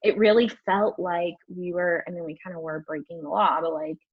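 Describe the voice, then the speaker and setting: Lower woman rambling on a dull lo-fi line. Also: fairly quick, breathy edge. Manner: rambling, animated, heavy use of "like". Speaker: podcast guest. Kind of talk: candid storytelling interview. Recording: dull lo-fi audio.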